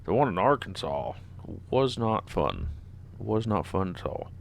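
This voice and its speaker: Male streamer, deep fry-heavy voice, laid-back self-talk over truck engine noise. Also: sing-song, measured pace. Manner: laid-back, talks to himself and the traffic. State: sleepy, yawning. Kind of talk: casual gameplay commentary.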